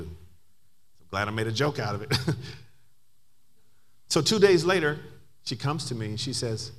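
Animated bright-voiced male preacher. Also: medium pitch, measured pace, pauses often. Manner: storytelling with rising emphatic build-ups. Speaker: pastor. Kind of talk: sermon.

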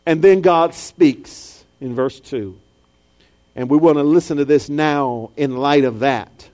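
A man preaching a sermon, dropping low and soft, then rising high and loud, and acting out the voices of people in his stories. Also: takes it slowly. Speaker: pastor.

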